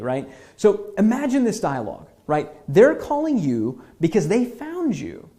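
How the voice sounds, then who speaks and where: A man's voice: mid-range voice, big pitch swings, normal speed, hardly any pauses, warm tone. Casual, chatty male instructor. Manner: casual, conversational, many fillers and "okay?" check-ins. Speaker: marketing instructor. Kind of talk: guided visualization lesson.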